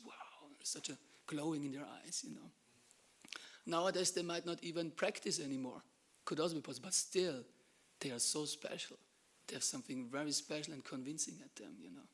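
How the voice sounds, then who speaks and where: A man from Germany, giving an animated devotional class talk and dropping to hushed asides. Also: a little high, fairly quick, slightly rough. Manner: animated storytelling, acts out dialogue, drops to hushed asides. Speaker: temple lecturer.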